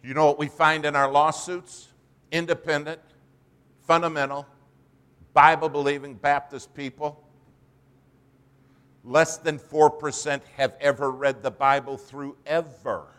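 A man preaching a sermon and telling a story, his voice swinging from hushed to loud. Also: on the high side, a little slow, long pauses, smooth. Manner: storytelling, animated.

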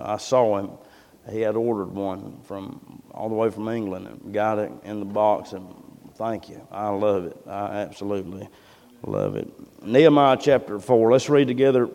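A man preaching a sermon as pastor, reading scripture with slow, rising emphasis in a church sanctuary. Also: on the low side, darkish tone. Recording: reverberant church hall.

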